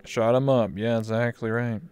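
This mid-range host speaks at normal speed in a level tone that's a little mellow, clear, and resonant, with no echo. He runs a casual live-stream interview in virtual reality chat, full of crude jokes and heavy swearing.

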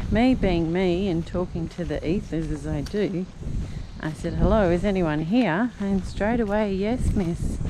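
A woman's voice: on the low side, background noise. A woman hosting her own spiritual vlog outdoors, chatty and self-amused, at times tearful and emotional. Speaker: channel host. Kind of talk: spiritual vlog, talking to camera. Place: outdoors, driving around hills.

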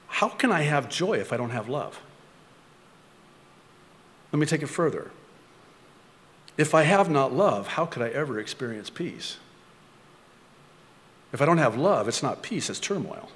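A man's voice: on the high side, very animated, a little slow, long pauses, fairly bright tone, in a large hall. A male pastor preaching a sermon, full of rhetorical questions and self-mocking humor.

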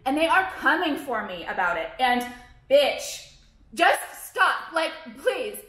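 A woman in her thirties, a fashion vlogger, speaks slowly in a high, somewhat bright voice with big pitch swings. She rants bluntly and profanely to the camera in a rambling, filler-heavy monologue. She's in a white-walled room at home, and the recording sounds echoey.

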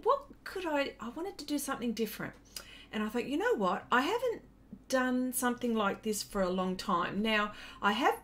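An Australian woman talks through an art livestream in an easy, rambling way, full of ums and uhs. Her voice sits high for a woman. She keeps stopping mid-thought to say hello to viewers by name. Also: a bit bright. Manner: chatty, greets viewers by name, many fillers. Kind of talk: casual livestream chat.

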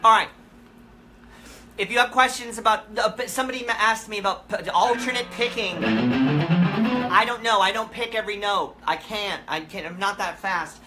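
A woman hosting a live comic question-and-answer session in character, telling absurd stories in a deadpan, rambling way with halting restarts. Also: mid-range voice, music in the background. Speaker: comedic musician persona hosting a live Q&A. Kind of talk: rambling comic livestream chat.

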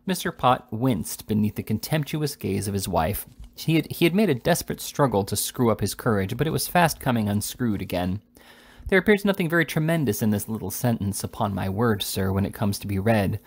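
Husky man reading a classic novel aloud. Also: fairly low pitch, a little mellow. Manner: reads all characters in slightly raised voices. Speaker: audiobook reader. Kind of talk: scripted narration.

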